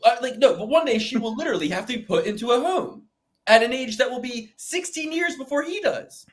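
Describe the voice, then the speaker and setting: A young man co-hosting a podcast, animated and joking, swearing freely while making fight picks. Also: very high-pitched, a little fast. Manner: animated, joking, swears, does mock voices. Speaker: podcast co-host. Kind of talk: casual chat, fight picks.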